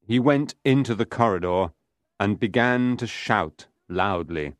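A man's voice: lowish voice, animated, measured pace, dry recording. A man narrating a graded reader audiobook in a careful reading voice.

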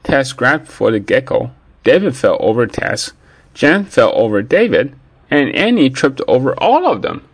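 A man narrating a children's story in an expressive read-aloud manner. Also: medium pitch, moderate pace, no room sound.

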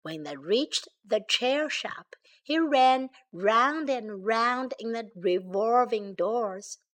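A woman teaching English through a children's story. She reads slowly and clearly and repeats phrases for young learners. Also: on the high side, animated, fairly bright tone. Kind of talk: bilingual English lesson with storybook read-aloud.

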